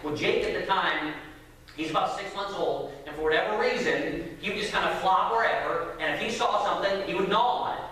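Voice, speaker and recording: A man preaching, telling a family story with lively acted-out voices. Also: high voice, brisk. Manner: animated storyteller acting out voices. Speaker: pastor. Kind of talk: sermon storytelling. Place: church sanctuary. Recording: echoey hall from far off.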